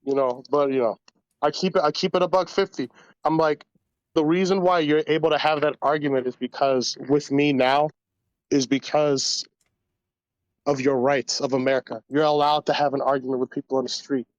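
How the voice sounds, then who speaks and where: A man's voice: fairly high pitch, steady tone, normal speed, dry recording, highs cut off. A man hosting a casual podcast, ranting in a crude, rambling way and slipping into voices. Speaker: podcast host. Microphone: voice call.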